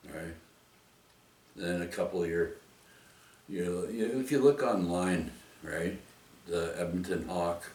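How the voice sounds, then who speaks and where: A man's voice: low voice, a little mellow, far from the mic, slight background noise. A man telling a personal story in a casual, rambling way, tagging his sentences with "eh?" and "right?". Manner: rambling, with frequent "eh?" and "right?" tags. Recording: echoey room, off the mic.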